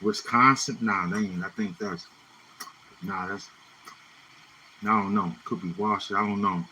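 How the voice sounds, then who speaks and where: A man's voice: on the low side, fairly even intonation, a little slow, pushed and bright, a little hiss or hum, poor audio. A man from Brooklyn, hosting a casual livestream and chatting loosely between freestyle rhymes, tagging his lines with "you know what I'm saying.". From Brooklyn, New York City. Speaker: livestream host.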